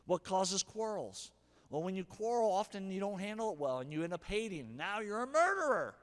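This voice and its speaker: A middle-aged man preaching a sermon as pastor, animated, moving from hushed asides to shouted punchlines. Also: sits high, moderate pace. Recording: long hall reverb.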